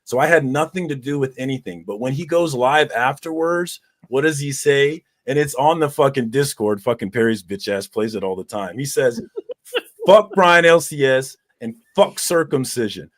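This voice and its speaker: Man host, mid-pitched, swearing and ranting in loose chat. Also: moderate pace. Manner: profane, ranting. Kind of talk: casual group chat.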